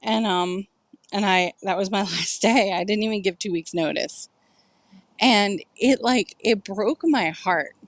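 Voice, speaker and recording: A woman's voice: medium pitch, measured pace, dry recording. A middle-aged woman telling a personal story to camera, candid and emotional, swearing freely and filling her talk with "like".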